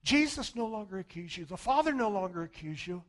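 A man preaching a sermon as pastor, acting out the voices of doubting people, swinging from shouts to near whispers. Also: high voice, very animated, brisk. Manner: dramatic, swings from shouting to hushed, acts out voices of congregants.

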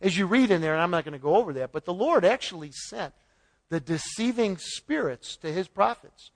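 High-voiced man retelling a Bible story. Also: animated, fairly quick. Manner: folksy retelling with paraphrased dialogue and chuckles. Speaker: preacher. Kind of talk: informal Bible teaching.

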